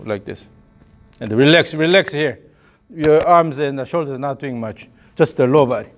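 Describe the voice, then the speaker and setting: A man's voice: a little high, moderate pace. A man giving a hands-on golf lesson, explaining the swing and calling out short repeated cues in rhythm. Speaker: golf coach.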